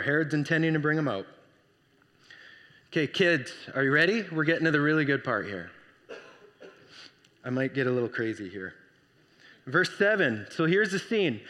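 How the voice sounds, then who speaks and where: A man preaching a sermon, telling the story with lively energy and acting out the voices. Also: fairly high pitch, big-room sound. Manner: animated storytelling, acts out voices. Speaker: pastor.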